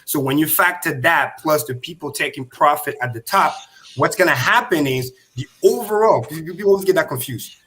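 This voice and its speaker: A man's voice: a little high, normal speed, fairly bright tone. A man hosting a crypto livestream, explaining emphatically and repeating key points. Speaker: host.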